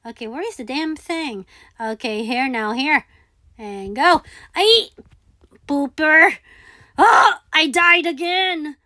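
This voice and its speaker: A woman's voice: high voice, slow, long pauses, bright, forceful tone, no room sound, studio quality. A woman giving live commentary on her own gameplay, talking herself through each move, repeating words and pleading with the game. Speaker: gaming video creator.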